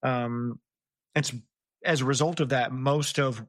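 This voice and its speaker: A young man hosts a casual book podcast in an even, mid-range voice. He retells scenes with lively energy and jumps into little voices for the characters. The sound is close and dry. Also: medium pitch, slow, dry recording. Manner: animated storyteller, acts out quoted lines. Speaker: podcast host. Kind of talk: casual book-discussion chat. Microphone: close podcast mic.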